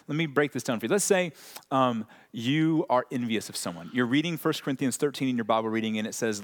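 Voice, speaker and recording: A man's voice: medium pitch, fast talker. Casual, joking male preacher. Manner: conversational and direct, with self-deprecating humor. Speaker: pastor. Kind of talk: sermon.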